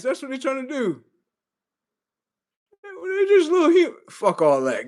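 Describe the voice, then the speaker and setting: Male live streamer, high-pitched and animated, with a profane, slangy rant. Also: normal speed, long pauses.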